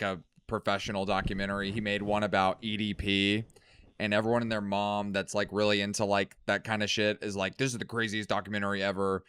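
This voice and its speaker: A young man co-hosting a podcast, ranting in casual chat with lots of swearing and sudden loud, high bursts. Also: clear, resonant tone, no room sound. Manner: ranting, heavy swearing, swings loud and high when worked up. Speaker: podcast co-host.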